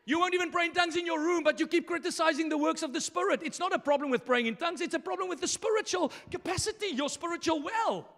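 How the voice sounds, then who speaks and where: A man preaching a sermon as pastor, impassioned, moving between quiet asides and shouted lines. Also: extremely high pitch, fast, hardly any pauses, in a large hall.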